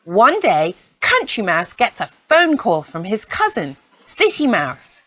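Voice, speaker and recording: Woman narrator for a kids' storybook, sing-song and slow, dry close sound. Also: medium pitch, wildly swooping pitch, fairly bright tone, no echo. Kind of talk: scripted children's story narration.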